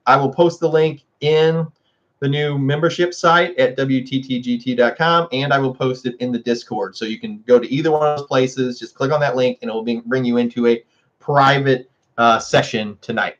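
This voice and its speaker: A man's voice: steady tone, normal speed, a bit bright, highs cut off. A man hosting a casual livestream, chatting with viewers and laughing often. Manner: chatty, laughs often, scolds his dogs in a high voice. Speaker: livestream host.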